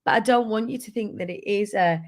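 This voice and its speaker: Candid mum talking to camera. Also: female voice, medium pitch, fairly quick. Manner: candid, rambling, expressive. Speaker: business owner and online community host. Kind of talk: casual to-camera talk.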